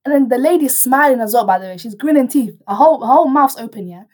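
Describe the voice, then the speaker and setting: Give me a fast, animated young woman telling a rambling story as a podcast guest. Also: sits high. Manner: animated, rambling with restarts and quoted dialogue. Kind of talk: casual storytelling chat.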